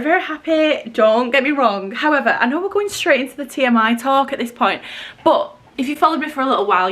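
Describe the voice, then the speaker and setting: A young woman from England talks to camera in a casual home vlog, her voice sitting a little high for a woman. She chats in a confiding, rambling way, full of fillers and quick self-corrections. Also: fairly bright tone. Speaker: vlogger. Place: home, in the middle of moving house.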